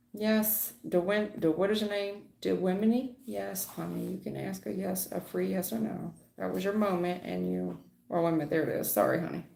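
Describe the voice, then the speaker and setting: A woman with a gravelly edge gives a live-stream tarot reading in a chatty, folksy way. She calls her viewers honey and baby, and her voice rings in an echoey room. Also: lowish voice, dark tone. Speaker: tarot reader.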